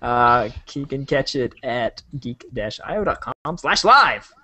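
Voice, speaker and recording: A man's voice: medium pitch, very animated, unhurried, pushed and bright. A man co-hosting a podcast, reading the plugs in a playful, goofy way. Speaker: podcast co-host.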